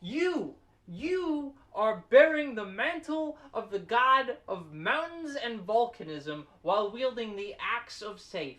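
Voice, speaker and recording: A man's voice: sits high, very animated, slow pace, fairly bright tone, a little hiss or hum. A man with a Boston accent, arguing heatedly in character during a tabletop role-play session. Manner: brash, heated, argumentative. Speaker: player.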